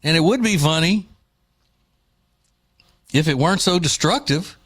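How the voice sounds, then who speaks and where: A man's voice: fairly high pitch, lively intonation, measured pace, a bit bright, husky. A man hosting a talk radio show, speaking in a loose, joking, opinionated way with plenty of fillers, recorded on a studio mic.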